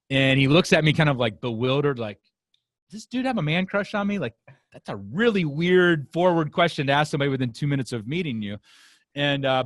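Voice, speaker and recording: A man in middle age tells a story as an interview guest, words tumbling out quickly and eagerly. The recording is dry and close, with no room sound. His pitch sits in an ordinary middle range. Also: no room sound. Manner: fast, energetic anecdote telling with many fillers. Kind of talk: animated storytelling.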